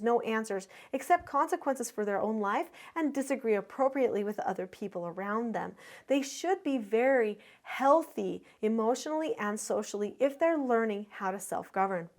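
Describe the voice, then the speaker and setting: A middle-aged woman, a parenting educator, giving clear, explanatory teaching to parents and telling stories to make her points. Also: fairly high pitch. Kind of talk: instructional talk to parents.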